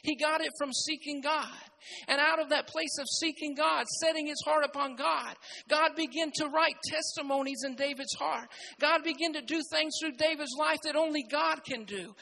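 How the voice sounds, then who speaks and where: Preacher, high voice, bright tone, repeats phrases, emphatic sermon delivery. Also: steady tone, moderate pace, creaky, a little hiss or hum, low-quality recording. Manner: builds to loud, emphatic preaching.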